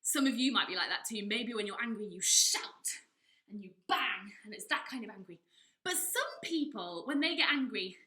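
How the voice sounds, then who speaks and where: A woman with a high, very bright, lively voice leads a children's drama lesson. She coaches the kids directly and encourages them warmly. The room is echoey, with faint music behind her. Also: normal speed. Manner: encouraging, talks directly to children, acts out anger levels. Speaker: drama teacher.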